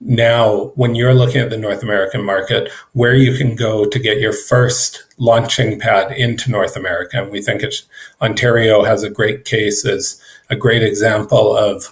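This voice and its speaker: A man's voice: lowish voice, fairly even intonation, normal speed. A man, a government trade representative, speaking at a virtual event in a conversational way with fillers and restarts. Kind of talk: conference remarks.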